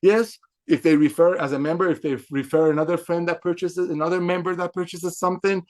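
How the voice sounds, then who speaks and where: A man speaking as a company executive to his affiliates, in an excitable motivational sales talk full of repetition and emphatic, preacher-like stresses. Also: a little high, fairly quick.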